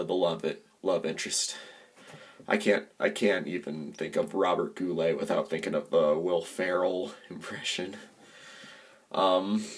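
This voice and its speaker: Halting, slow, deep-voiced man. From United States. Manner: halting, many filler pauses. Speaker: film reviewer. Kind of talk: casual movie review.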